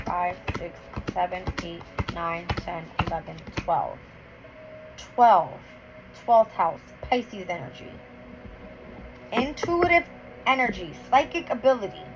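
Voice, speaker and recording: A woman doing a casual tarot and astrology reading, counting cards aloud and getting heated, blunt and full of swearing. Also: medium pitch. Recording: dull lo-fi with clear background noise.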